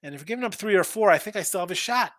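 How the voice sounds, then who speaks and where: A man's voice: high-pitched, animated, very fast, fairly bright tone, no echo. Rambling man talking betting picks. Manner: rambling, reads chat messages aloud; restarts and repeats words often. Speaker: sports betting show host. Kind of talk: casual live-stream betting talk.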